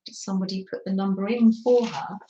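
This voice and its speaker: A woman's voice: medium pitch, steady tone, a little fast, dark tone, echoey room, highs cut off, a little hiss or hum. An English woman hosting a live crafting stream, chatting to viewers in a gushing way with frequent little laughs. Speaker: craft livestream host.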